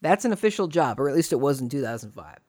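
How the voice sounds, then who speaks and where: A man's voice: mid-range voice, very animated, fast, darkish tone. A man in his thirties spins a casual, joking story from his own life. His delivery is sarcastic and loose, full of fillers and restarts, in an ordinary mid-range voice.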